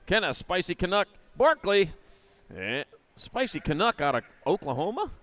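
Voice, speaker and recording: Here a man's high, slightly bright voice, caught in a dry recording, sounds very animated as he commentates live BMX racing in an indoor arena. He works as the race announcer, rattling off rider names and moto numbers at rapid pace and slipping in corny jokes between heats.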